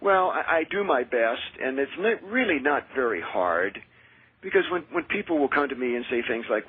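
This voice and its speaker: A man who is a minister and exorcist, telling his experiences in an earnest, measured way as a radio interview guest. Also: mid-range voice, lively intonation, slightly rough. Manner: earnest, measured, with frequent restarts. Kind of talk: radio interview, personal storytelling. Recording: tinny dry phone line.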